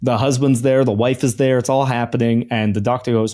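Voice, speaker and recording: A man's voice: medium pitch, a little fast. A man co-hosting a comedy podcast, telling anecdotes in casual chat and acting out the people in them. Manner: animated storyteller, acts out quoted voices. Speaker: podcast co-host.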